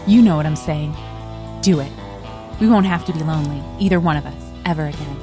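A woman's voice: low voice, fairly quick, over music, voice pushed down, close to an everyday voice. A woman reading the part of Rebecca, a proud, yearning young actress, in earnest dramatic style. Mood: pleading, defiant.

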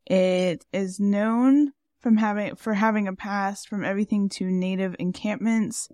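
A woman's voice: medium pitch, fairly even intonation, unhurried, mellow, no echo, clean studio sound. A woman co-hosting a podcast in casual chat, rambling with lots of fillers. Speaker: podcast co-host.

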